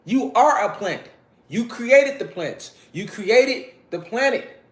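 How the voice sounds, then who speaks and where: A man's voice: fairly high pitch, breathy edge. A man giving an informal lecture to camera, emphatic and repetitive, with slangy, profane street talk and frequent check-ins with his listeners. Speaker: esoteric lecturer.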